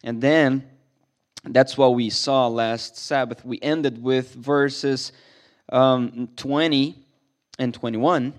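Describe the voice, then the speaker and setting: A man's voice: mid-range voice, steady tone, slow. A man preaching a sermon as a pastor in a church, earnest and emphatic, often restarting his sentences.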